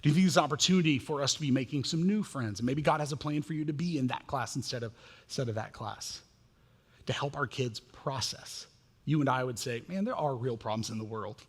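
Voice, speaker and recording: A man in his thirties preaching a sermon as pastor, animated and self-mocking as he tells family stories. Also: medium pitch, fairly quick, husky. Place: church sanctuary. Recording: long reverb of a church hall.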